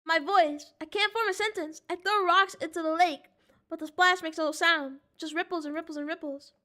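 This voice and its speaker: A woman's voice: very high voice, fairly even intonation, normal speed, sharp tone. A woman reading first-person narration as a dazed, overwhelmed teenage girl. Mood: numb.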